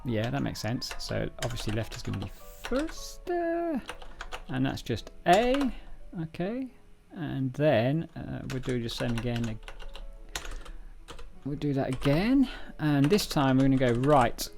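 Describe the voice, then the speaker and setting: A man's voice: medium pitch, vocal fry. Male streamer, casual live-coding chat, self-mocking, trips over words, faint music and typing behind. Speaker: livestreamer reading a programming book.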